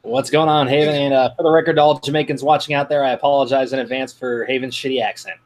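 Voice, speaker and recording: A man's voice: mid-range voice, steady tone, quick pace, low-quality recording. A man co-hosting a trivia show, casually interviewing the players and teasing them. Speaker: co-host and interviewer.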